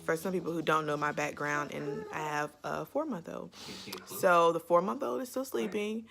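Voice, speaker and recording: A woman's voice: on the low side, normal speed, creaky, over music. A young woman, talking candidly in a casual faith vlog about motherhood, with lots of "like" and "you know.". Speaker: vlogger sharing faith and motherhood.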